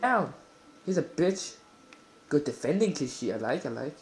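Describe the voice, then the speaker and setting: A man giving live commentary while playing a football video game, exclaiming and swearing excitedly at the action. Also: on the high side, normal speed.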